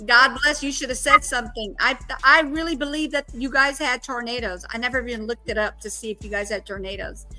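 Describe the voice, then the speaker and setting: A middle-aged woman from Louisiana with a Southern accent, chatting warmly and laughing easily on a live stream video call. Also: a little high, a little fast, few pauses, soft background music, rough recording. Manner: warm, laughing, easily surprised. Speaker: livestream host. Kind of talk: casual live-stream chat.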